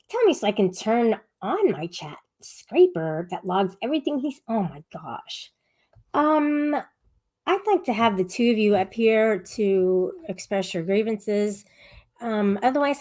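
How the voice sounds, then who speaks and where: A woman with a mid-range voice hosts a live-stream panel in a casual, chatty style. She reads comments from the chat aloud and rambles sharply as she scolds her viewers.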